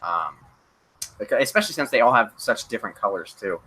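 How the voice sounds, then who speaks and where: A man hosting a casual fan discussion stream, excitable and often stammering into restarts. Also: fairly low pitch, a little fast, breathy edge. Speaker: channel host.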